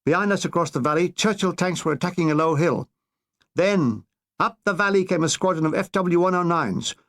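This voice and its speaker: A man reading his own war memoir aloud, in a dry and wry storytelling manner. His voice sits fairly high for a man. He tells the grim parts and the comic parts in the same even, matter-of-fact way. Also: brisk, creaky. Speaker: author narrating his memoir. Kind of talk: audiobook narration.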